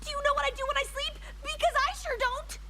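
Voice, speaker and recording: A woman voicing a brash, tomboyish young female pegasus pony, loud and blunt, in a cartoon. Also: extremely high pitch, steady tone, fast talker, crowd noise. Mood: exasperated. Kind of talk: cartoon voice acting. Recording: cartoon clip with loud music.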